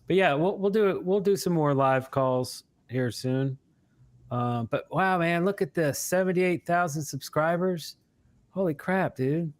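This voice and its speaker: A man co-hosts a live stream in a loose, animated way. He laughs easily and reads viewer comments aloud as he goes. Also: fairly high pitch, a little slow, no room sound. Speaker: co-host of a live show. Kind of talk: casual live-stream chat.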